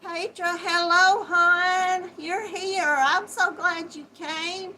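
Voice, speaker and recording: A woman's voice: extremely high pitch, steady tone, a little hiss or hum, rough recording. A woman with a Southern Georgia accent, hosting a casual livestream and greeting viewers as hon and sweetheart, laughing often. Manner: warm folksy greetings with terms like hon and sweetheart; slow, chatty, laughs often. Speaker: host of a yarn chat livestream. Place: home, seated at a computer. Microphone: built-in laptop microphone.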